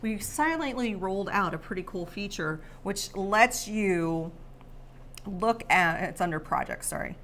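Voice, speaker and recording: A woman co-hosting a woodworking live show who reads out chat questions, teasing and quick with quips. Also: mid-range voice, lively intonation, a bit bright. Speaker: co-host reading chat questions. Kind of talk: casual live-stream banter.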